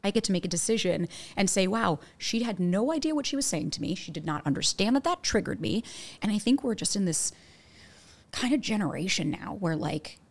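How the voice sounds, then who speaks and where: A young adult woman, a dating coach, talking casually on a podcast and telling stories with acted-out quotes. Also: medium pitch. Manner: animated, quick storytelling with acted quotes.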